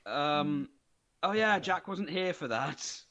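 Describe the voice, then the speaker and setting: Animated, jokey man chatting at a game table. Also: fairly high pitch, takes it slowly. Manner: jokey, laughs often. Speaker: player. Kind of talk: casual chat in a tabletop game.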